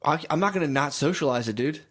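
A young man in casual chat, telling animated stories, swearing often and acting out other people's voices. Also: on the high side, fast talker, slightly rough. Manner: animated storytelling, swears a lot, acts out voices.

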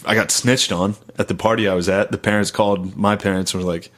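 A young man telling crude stories in casual chat, laughing often and quoting people in a high squeal. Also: fairly even intonation, fast talker, fairly bright tone.

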